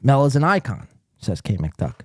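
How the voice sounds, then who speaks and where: A man's voice: mid-range voice, huge pitch swings, normal speed, no echo, studio quality. A man hosting a live podcast, reading chat comments aloud and ranting at a viewer in a profane, confrontational, taunting way. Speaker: podcast host.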